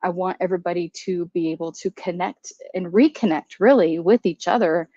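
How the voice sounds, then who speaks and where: A woman's voice: on the low side, a little fast, dark tone, no echo. A woman who owns a candle brand, hosting a casual livestream and greeting viewers by name in a flustered, chatty way. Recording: slightly dull, dry livestream audio.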